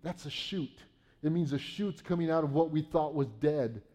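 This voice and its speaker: A man's voice: on the high side, normal speed, mellow. A man preaching a sermon, reading Bible verses and explaining them in a conversational way, often checking in with "right?". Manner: reads Bible verses aloud, then paraphrases them.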